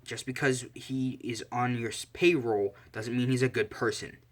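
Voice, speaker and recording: A man's voice: mid-range voice, fairly even intonation, normal speed, natural voice. Guarded adult male hero-teacher, blunt; a man plays him plainly. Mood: wary.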